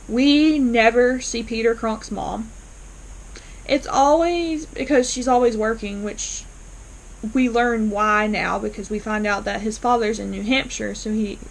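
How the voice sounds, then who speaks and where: A woman's voice: on the high side, rough recording. A woman casually recapping a TV episode, chatty, with frequent ums and restarts as she retells scenes. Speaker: TV episode reviewer.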